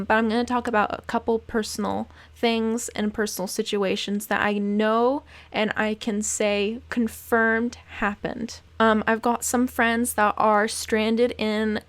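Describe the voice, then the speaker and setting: A young woman in a casual vlog, speaking with indignant passion and repeating phrases for emphasis. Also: a little high. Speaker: vlogger, former cruise ship worker. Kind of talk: casual to-camera talk.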